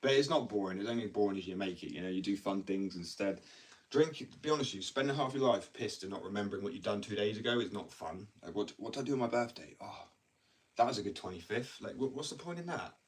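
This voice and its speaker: A man's voice: on the low side, lively intonation, quick pace. Rambling man on a distant mic. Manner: chatty, joking, slangy, self-interrupting. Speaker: livestreamer talking about addiction. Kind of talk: casual rambling live chat.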